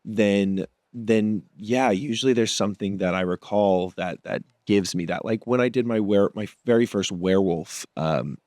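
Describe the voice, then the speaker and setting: A man with a fairly low voice talks as an actor guest in a relaxed interview. He reflects as he goes, building his answers bit by bit. The sound is dry and close, with no room around it. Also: normal speed, few pauses, no room sound. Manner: thoughtful, works through ideas aloud. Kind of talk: casual interview conversation.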